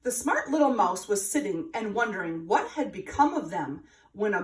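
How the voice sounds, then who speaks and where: A woman reading a children's story aloud with an expressive, sing-song delivery. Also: mid-range voice, moderate pace, distant mic. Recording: roomy, from afar.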